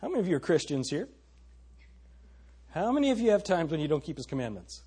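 A man preaching a sermon in an animated, conversational way, asking the congregation rhetorical questions. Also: fairly high pitch, fast, breathy edge. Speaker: pastor.

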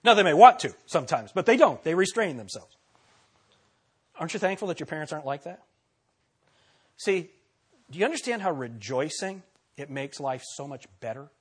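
Man, pastor preaching a sermon, fairly high voice, repeats phrases, questions to the congregation, swings between loud and soft. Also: big pitch swings, moderate pace, pauses often, breathy edge.

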